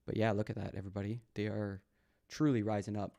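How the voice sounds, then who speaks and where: A man's voice: fairly low pitch, level tone, fast, creaky, warm tone. A man doing casual live-stream commentary, reading posts aloud and mocking them sarcastically while talking back to his chat. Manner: reads posts aloud, then mocks them.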